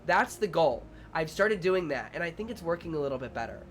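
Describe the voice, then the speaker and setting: A man's voice: fairly high pitch, brisk, slight background noise. A young man, a preschool teacher and streamer, chatting casually and animatedly with viewers, acting out his own and the children's lines and swearing freely. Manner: animated storytelling, acts out kids and himself, swears casually.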